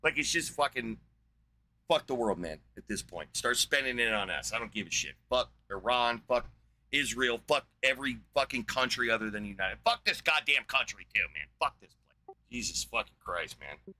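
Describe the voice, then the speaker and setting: A podcast host in his forties from New Mexico, USA, delivers a profane solo rant, angry and rambling, swearing constantly and drifting into asides. His mid-range voice is animated, bright and forceful at normal speed, and the recording is rough.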